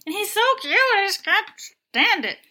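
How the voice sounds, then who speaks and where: Bright-voiced woman chatting casually. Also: extremely high pitch, very animated, moderate pace. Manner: chatty, recounts scenes with quoted lines. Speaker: podcast co-host. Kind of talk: casual recap chat.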